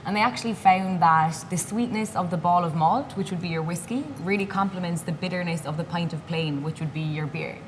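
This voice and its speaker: Irish woman, low voice, reverberant room. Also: fairly quick, hardly any pauses, background noise. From Ireland. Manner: informative, storytelling explanations. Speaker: brand representative guest. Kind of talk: casual radio interview.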